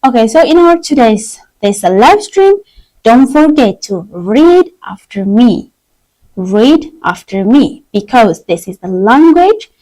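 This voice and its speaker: A woman teaching a live-streamed language lesson, drilling words slowly for learners to repeat, in simple non-native English. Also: on the high side, sing-song, mellow, low-quality recording. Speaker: Chinese teacher.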